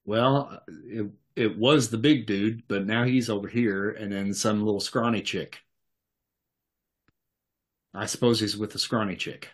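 A man's voice: fairly low pitch, fairly even intonation, a little slow, lightly acted. A man voicing a brash, foul-mouthed male criminal who talks bluntly and profanely. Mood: wary.

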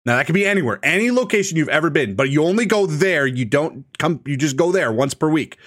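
Playful man with a lively voice. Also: on the high side, quick pace. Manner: playful, teasing, laughs a lot. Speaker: co-host reading questions. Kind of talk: casual chat.

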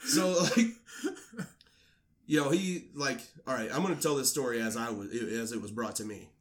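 A man's voice: medium pitch, normal speed. A man co-hosting a casual podcast, telling a drinking story with lots of swearing and acted-out voices. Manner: animated, swearing, acts out quoted voices.

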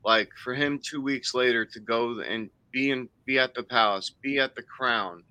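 A man appearing as a guest paranormal investigator on a podcast, telling his stories eagerly and excitably in casual chat. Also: mid-range voice, normal speed, clean tone, no room sound.

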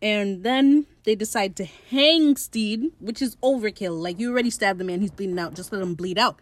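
In a mid-range voice at normal speed, a woman in her late teens excitedly recaps a TV episode as host. Her chat is casual and gushing, she swears freely, and she laughs often. No echo is present.

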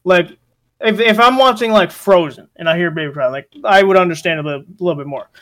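A man's voice: high-pitched, fast, fairly bright tone. A young man hosting a casual podcast chat, rambling with lots of fillers and restarts. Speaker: podcast host.

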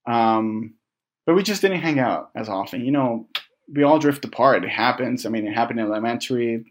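A young man telling a candid personal story to his viewers, halting and reflective, with many restarts, fillers and casual swearing. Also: mid-range voice. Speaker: vlogger.

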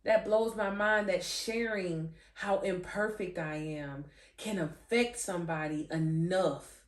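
A woman hosting a faith podcast, animated and giggly, often restarting and repeating her phrases as she trips over words. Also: lowish voice, slow, recorded from a distance. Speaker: podcast host. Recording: roomy echo, voice off-mic.

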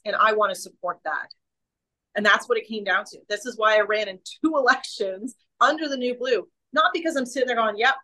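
A woman's voice: a little high, pushed and bright, low-quality recording. A woman, a guest in a casual interview, talking with emphatic passion and often restarting her sentences. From Canada.

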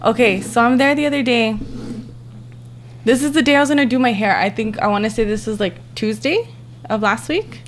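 A woman's voice: on the high side, brisk, a little hiss or hum. Give me a profane young woman telling a story. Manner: profane, heavy use of "like", animated retelling. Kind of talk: casual chat.

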